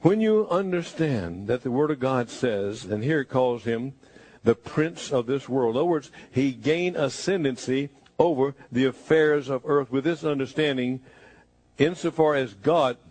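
A man preaching a sermon, speaking in first person as Jesus and moving between hushed, slow lines and emphatic bursts. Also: mid-range voice, no echo.

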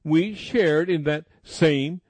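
A man preaching a sermon emphatically, slowing down to stress key words. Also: a little high, a little mellow, dry recording.

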